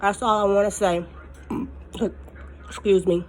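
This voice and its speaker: A woman's voice: mid-range voice, steady tone, slow, slight background noise. A woman in an angry, emphatic vlog rant, holding back tears as she talks to her viewers. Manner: furious, emphatic, repeating herself. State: close to tears. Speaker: mukbang vlogger.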